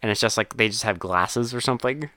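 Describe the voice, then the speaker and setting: A man's voice: fairly low pitch, fairly quick, pushed and bright, no room sound. Wry, swearing man in casual chat. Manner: wry, swearing, quotes characters and his own thoughts. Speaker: podcast co-host. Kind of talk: casual movie-recap chat.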